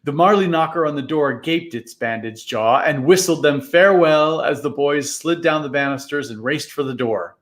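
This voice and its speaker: A man reading a storybook aloud in a live reading, with an expressive, dramatic delivery. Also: on the high side, moderate pace, hardly any pauses.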